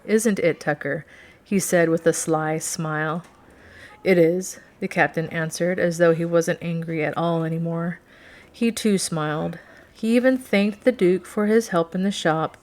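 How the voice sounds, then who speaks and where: A woman narrating a first-person romance novel in a steady, expressive reading. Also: on the low side. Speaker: audiobook narrator.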